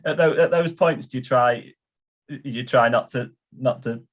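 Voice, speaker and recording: A male podcast host asking halting questions and cheering his guest on. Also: medium pitch. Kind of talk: interview questions.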